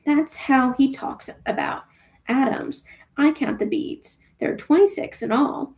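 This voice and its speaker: A woman's voice: high-pitched, a little slow, darkish tone. A woman reading a novel aloud for a book club, casual, with offhand asides about her own reading.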